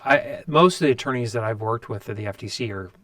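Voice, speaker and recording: A man of middle pitch chats as host with short interjections and wry jokes. His voice is plain and even. It is recorded close up with no room sound. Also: fast talker, no room sound. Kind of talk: casual chat.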